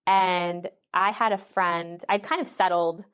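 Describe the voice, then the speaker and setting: Woman in her 30s chatting as an interview guest, lowish voice, laughs a lot, acts out what people said. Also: fairly even intonation, measured pace, fairly bright tone, smooth. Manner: chatty, often laughing, acts out quoted speech. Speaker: podcast guest. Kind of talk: casual interview conversation.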